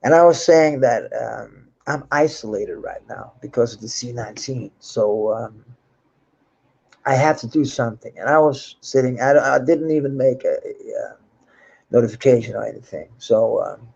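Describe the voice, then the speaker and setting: A man's voice: mid-range voice, moderate pace, gravelly, a little mellow, husky, lo-fi sound. A Danish man speaking English with a Danish accent, chatting loosely and swearing on an unplanned livestream about his music life. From Denmark. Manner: rambling, swears freely, laughs often, many restarts. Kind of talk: unscheduled casual livestream chat.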